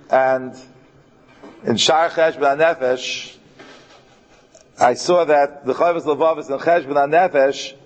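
Man, Torah class lecture, earnest, slightly high voice, slow stress on verses, muffled lo-fi recording. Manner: earnest, mixes Hebrew terms into English; slows right down to stress key verses. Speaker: Torah teacher.

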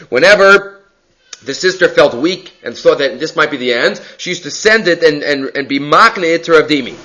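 A man teaching a text study class, reading passages aloud and explaining them in a relaxed, conversational way. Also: a little high, low-quality recording. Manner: answers student questions. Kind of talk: Talmud class lecture.

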